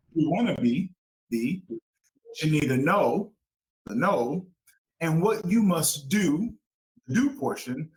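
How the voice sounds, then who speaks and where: A man's voice: fairly high pitch, low-quality recording. Upbeat male host with a lilt. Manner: upbeat, preacher-like, addresses listeners as folks. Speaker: podcast host. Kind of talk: casual educational talk.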